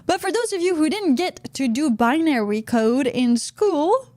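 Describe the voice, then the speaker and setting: High-voiced chatty woman podcast host. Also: big pitch swings, measured pace, darkish tone, dry recording. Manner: chatty, frequent "uh-huh" affirmations. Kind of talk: casual podcast chat. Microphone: studio podcast mic.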